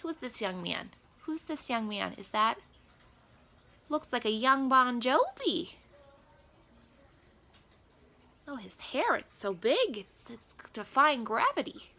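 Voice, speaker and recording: A woman's voice: a little high, big pitch swings, unhurried, vocal fry, sharp tone, full character voice. A woman playing a prim, nosy grandmother who reacts to a pop performance with prudish, flustered, rambling remarks and quaint asides. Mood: bemused. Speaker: comedic reaction host. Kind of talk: comedic character reaction video.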